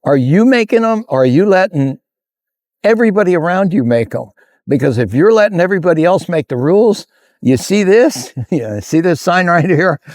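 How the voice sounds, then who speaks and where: A man telling a motivational story in a folksy, animated way, acting out the characters' dialogue. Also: sits high, normal speed, dry recording, studio quality. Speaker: motivational speaker. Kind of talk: storytelling talk to camera.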